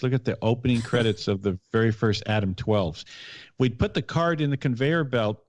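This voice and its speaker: A man's voice: medium pitch, a little mellow, no room sound. A middle-aged man, a podcast host and former police officer, telling a detailed story in casual chat with frequent restarts. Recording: dull, dry podcast audio.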